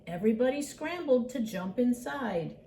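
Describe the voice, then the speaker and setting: Older woman, grandma, picture book read-aloud, sing-song, mellow voice, slow. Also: a little high, expressive, gravelly, a little hiss or hum. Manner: slow and sing-song, voicing animal sounds.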